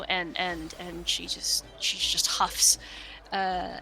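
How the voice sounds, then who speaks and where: Woman game master, slow and bright, halting narration, soft music under it. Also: on the low side, flat delivery, gravelly. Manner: hesitant, many fillers, laughing.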